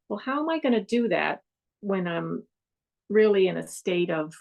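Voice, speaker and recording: A middle-aged woman leads a calm mindfulness lesson, speaking gently and reflectively. Her voice sits at a middle pitch with a noticeable gravelly fry. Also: normal speed. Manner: gentle, reflective, with soft acted asides. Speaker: mindfulness teacher. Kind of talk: guided mindfulness talk.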